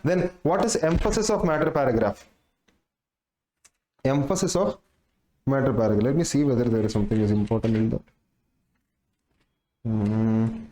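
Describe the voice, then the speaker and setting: A man's voice: mid-range voice, normal speed, pauses often, warm tone. A man gives a casual exam-prep lecture, explaining step by step with many repeats and fillers. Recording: roomy echo.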